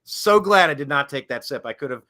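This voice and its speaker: A man's voice: on the high side, expressive, brisk, bright, forceful tone. A man co-hosting a political talk show, sarcastic and playful in his banter. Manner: playful, mock-serious, sarcastic. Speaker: co-host.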